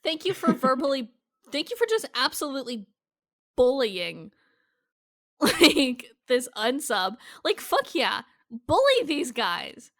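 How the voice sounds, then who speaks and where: A woman's voice: high voice, huge pitch swings, slow, a bit bright. A woman co-hosting a podcast, talking bluntly and swearing freely as she recaps a TV episode. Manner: blunt, profane, emphatic. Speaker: podcast co-host. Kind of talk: casual chat recapping a TV show.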